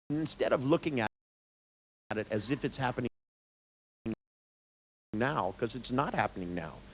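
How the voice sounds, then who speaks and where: A man who works as a therapist, telling a story in an animated way, acting out the scenes and often breaking off and restarting words. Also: medium pitch, poor audio. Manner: halting, with frequent restarts. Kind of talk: storytelling talk.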